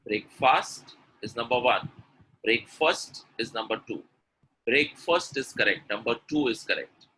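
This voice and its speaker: A man's voice: medium pitch, fast, sharp tone, slightly rough, low-quality recording. A man teaching pronunciation in a live webinar, quizzing the audience with word pairs and praising their answers. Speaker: English pronunciation coach.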